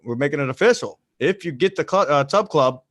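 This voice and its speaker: A man's voice: on the high side, expressive, fairly quick, a bit bright, no room sound, studio quality. A man from the American South hosting a podcast, talking loosely with lots of fillers. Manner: loose, rambling, many fillers. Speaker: podcast host. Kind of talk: casual chat.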